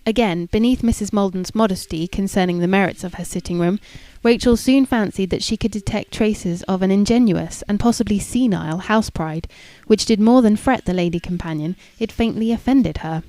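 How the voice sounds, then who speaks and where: A woman narrating a classic novel in a measured, even and formal reading. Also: medium pitch. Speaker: audiobook narrator.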